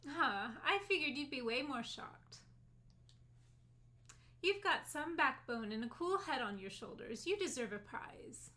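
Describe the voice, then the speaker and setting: A woman's voice: sits high, lively intonation, measured pace, sharp tone, pitched above the performer's own voice, full character voice. A woman reading as a posh, haughty lady. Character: fancy haughty woman ghost expert. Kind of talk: reading game dialogue aloud.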